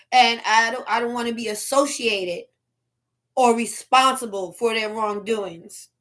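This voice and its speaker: A middle-aged woman, chatting casually on a livestream, loud and animated, laughing and shouting at times. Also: on the high side, slow pace. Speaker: livestream host.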